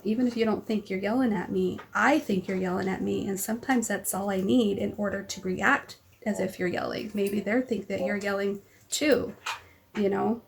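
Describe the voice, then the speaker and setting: A woman speaks in a casual vlog, with a gravelly edge of vocal fry under her mid-range voice. She tells her story in a rambling way and slips into the voices of the people she quotes. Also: medium pitch. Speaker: vlogger; mother. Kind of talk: casual personal vlog chat.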